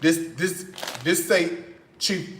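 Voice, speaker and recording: A man's voice: fairly high pitch, lively intonation, measured pace. A man hosting a cooking channel, chatting playfully through his grocery haul and often checking in with "okay?". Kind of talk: casual grocery haul chat. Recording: echoey room with faint noise.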